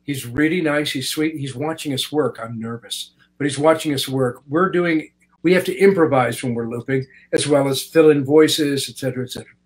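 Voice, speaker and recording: An older man from Canada, a voice actor telling stories in a relaxed interview and slipping into voices as he goes. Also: medium pitch, fairly quick, low-quality recording. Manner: animated, slips into voices while telling stories. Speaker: guest voice actor. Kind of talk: casual interview storytelling.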